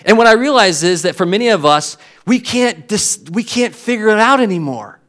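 A middle-aged American pastor preaches with an American accent, his voice sitting a bit high for a man. He tells stories with animation and doubles up words as he builds toward each point. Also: animated, moderate pace, a bit bright. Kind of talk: sermon.

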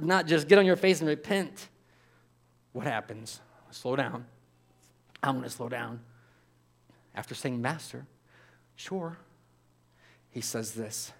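Animated man preaching a sermon. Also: a little high. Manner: animated, acts out voices of biblical figures. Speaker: pastor.

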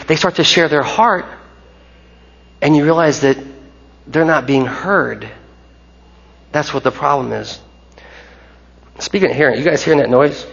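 A man's voice: fairly high pitch, vocal fry, muffled recording. A male pastor giving a conversational sermon in a church, chatty and full of restarts and asides. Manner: conversational, rambling with restarts and fillers. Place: church sanctuary.

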